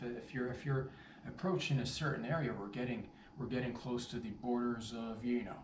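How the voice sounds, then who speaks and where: Rambling, animated man in an echoey space. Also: lowish voice, slight background noise. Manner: animated, rambling, playful catchphrases. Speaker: vlogger telling a story. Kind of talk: casual storytelling vlog. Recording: roomy echo, distant mic, faint ambience.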